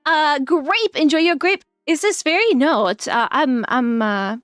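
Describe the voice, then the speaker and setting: A woman's voice: sits high, lively intonation, unhurried, fairly bright tone, dry recording, studio quality, faint music behind. A woman streamer chatting casually on a live stream, giggling often and rambling through plenty of fillers.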